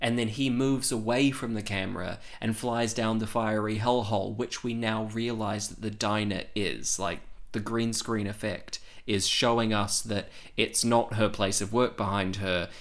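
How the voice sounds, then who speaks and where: A man recapping a horror film in casual chat, animated and profane, laughing often. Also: fairly low pitch, moderate pace, hardly any pauses. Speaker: podcast co-host.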